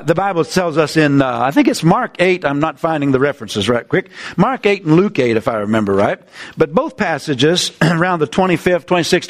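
Male preacher, light high-ish voice, animated sermon delivery with casual asides and restarts.

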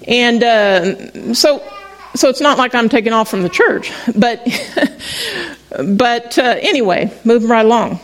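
Her voice a little high and her pace normal, a middle-aged pastor preaches by telling stories in a conversational way. She frequently restarts her sentences, and the audio is poor.

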